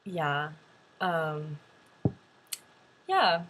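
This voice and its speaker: Speaking very slowly in a low voice, a young woman vlogger recounts a story to camera, chatty and animated with many "like" fillers. There's slight background noise.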